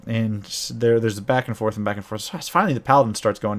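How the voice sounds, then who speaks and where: Animated man telling a game story. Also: lowish voice, quick pace. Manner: animated, acts out quoted players in a raised voice. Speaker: game master recounting a campaign. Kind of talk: casual storytelling.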